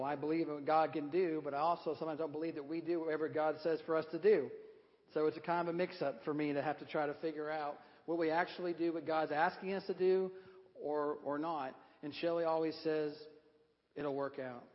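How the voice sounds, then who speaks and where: A man's voice: fairly high pitch, flat delivery, fast. A man preaching a sermon as pastor, emphatic and leading the congregation in repeating a phrase, then chatting casually. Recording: dull audio in a reverberant sanctuary.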